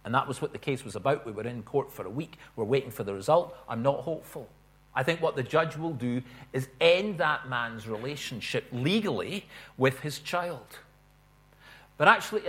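A man preaching a sermon in an earnest way, swelling and slowing on stressed phrases. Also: on the high side, a bit bright.

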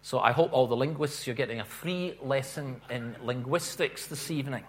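A man preaching a sermon in an earnest way, swelling and slowing on stressed phrases. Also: medium pitch.

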